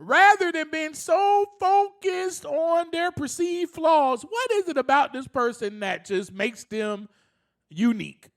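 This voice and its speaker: A man's voice: very high-pitched, animated, takes it slowly. A man hosting a solo self-help podcast, speaking earnestly, often laughing, and rising to passionate emphasis. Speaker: podcast host.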